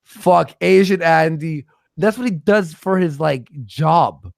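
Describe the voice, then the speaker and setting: A man with a gravelly, creaky voice, slightly higher than most men, telling loose, profane stories in a casual livestream chat. The sound is dry and close, with no room around it. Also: slow pace, no room sound. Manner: profane, rambling storyteller.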